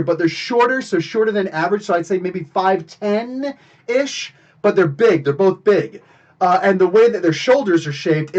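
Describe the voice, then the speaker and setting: A man with a notably high voice tells a story on a live podcast. He is animated and emphatic, and he keeps it casual and conversational. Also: dull audio. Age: adult, married. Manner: animated, emphatic retelling of a confrontation. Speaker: podcast host.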